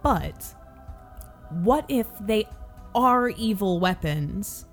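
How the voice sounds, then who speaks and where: A woman's voice: medium pitch, lively intonation, very slow, soft background music. Woman asking playful, puzzled questions. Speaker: player. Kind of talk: in-character tabletop game play.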